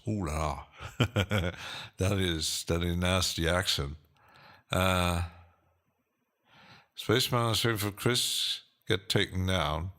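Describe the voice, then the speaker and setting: A man with a low voice hosts a relaxed live stream. He talks very slowly, with many pauses and fillers, and chuckles now and then as he answers chat.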